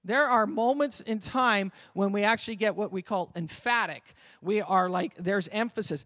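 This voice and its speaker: A man preaching a sermon as pastor, swinging from loud emphatic calls to quiet conversational asides. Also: sits high, moderate pace, hardly any pauses, no echo, studio quality. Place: church sanctuary.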